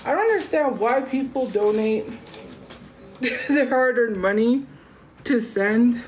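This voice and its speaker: A woman's voice: on the high side, lively intonation, slow pace, darkish tone, slight background noise, low-quality recording. Woman ranting on a live stream, rambly, kinda fed up, talks right at the chat. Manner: rambling, exasperated, talks straight to viewers.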